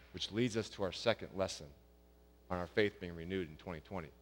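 A man preaching a sermon, rising loud and high on his questions and dropping soft and low for quiet passages. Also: a little fast, in a large hall. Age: young adult or middle-aged, a father of young kids. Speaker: pastor.

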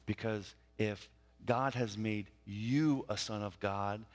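A man preaching a sermon as pastor, speaking deliberately and repeating key phrases for emphasis. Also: lowish voice, fairly even intonation. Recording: reverberant hall.

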